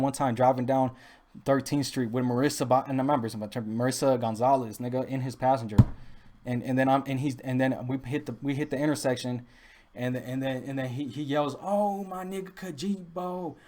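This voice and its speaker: A man's voice: mid-range voice, a little mellow. A young man, telling rambling stories casually with lots of restarts and street slang. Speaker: podcast host. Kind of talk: casual storytelling.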